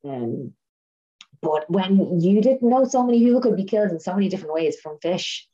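A woman with a low, dark voice retells a film in animated, casual chat. She laughs a lot. The recording is dull and lo-fi. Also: normal speed. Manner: animated storyteller, laughs often.

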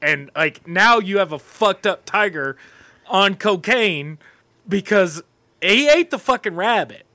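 Young guy ranting, swears a ton, bright tense voice, dry close sound. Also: sits high, slow pace, dry recording. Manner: profane, animated ranting. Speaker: podcast co-host. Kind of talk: casual chat.

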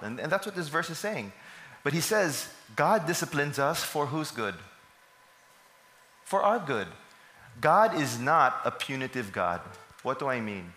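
A man's voice: mid-range voice, sharp tone. A man, preaching a sermon and putting questions to the congregation that he answers himself. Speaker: pastor. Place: church service hall. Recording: echoey hall.

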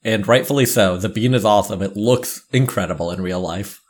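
A man's voice: fairly low pitch, fairly quick. Rambling self-mocking podcast man. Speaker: podcast co-host. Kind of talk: casual chat.

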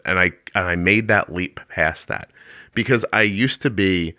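A man's voice: sits low, moderate pace, sharp tone, no room sound, clean studio sound. A man hosting a podcast interview, asking earnest, searching questions in a conversational way with frequent restarts. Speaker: podcast host.

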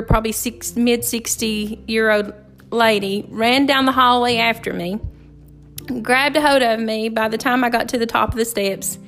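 A middle-aged woman, a teacher hosting a podcast, telling a heartfelt personal story in an earnest, halting way with many fillers and restarts. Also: on the high side, a bit bright. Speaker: podcast host and fourth grade teacher.

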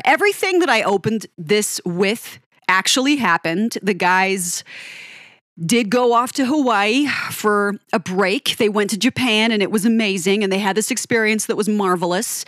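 A woman's voice: mid-range voice, no echo, studio quality. A woman hosting a music show, telling a band's story in a dramatic second-person style and then chatting casually with listeners. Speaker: music podcast host. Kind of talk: storytelling commentary.

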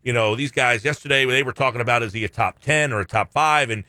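A man's voice: mid-range voice, quick pace, no room sound. A man co-hosting a sports radio show, giving firm opinions in casual talk. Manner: opinionated, lively, reads out listener texts.

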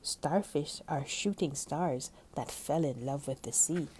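A woman's voice: deep voice, measured pace, mellow, a little hiss or hum. A woman voicing a patient, knowing older girl who coaxes and plays in a storybook read-aloud. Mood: coaxing. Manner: coaxing, playful, grows weary.

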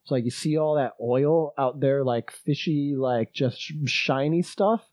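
A man's voice: medium pitch, a little slow, no echo. Swearing man telling a travel story. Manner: animated, swears a lot, acts out quotes. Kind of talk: casual storytelling chat.

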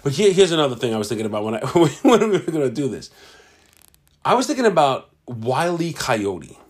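A man's voice: mid-range voice, very animated, fairly quick, breathy edge. A middle-aged man, co-hosting a casual podcast and telling rambling, profane stories. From Staten Island, New York. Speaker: podcast co-host. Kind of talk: casual chat. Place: home podcast setup, drinking.

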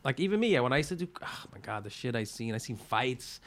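A man's voice: medium pitch, big pitch swings, a bit bright. A man, a comedian and restaurateur chatting loosely as a podcast guest, swearing and trailing off. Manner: quick, loose, swearing, lots of fillers. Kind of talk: casual chat.

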